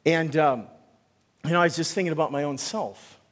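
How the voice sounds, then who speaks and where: Male pastor, sermon, chatty and off-the-cuff, voice a bit high, long hall reverb. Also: normal speed. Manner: conversational, animated, thinks out loud with restarts. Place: church sanctuary.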